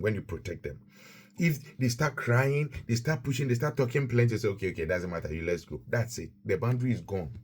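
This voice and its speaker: A man's voice: mid-range voice, warm tone, husky. A man teaching a Christian lesson on marriage, emphatic and repetitive, quoting scripture as he preaches.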